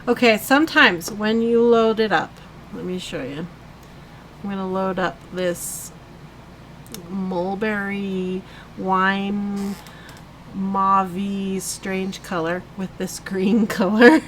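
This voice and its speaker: A woman's voice: medium pitch, a bit bright, slight background noise, rough recording. A woman hosting a live coloring tutorial, chatting casually as she demonstrates step by step. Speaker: host of a live coloring stream.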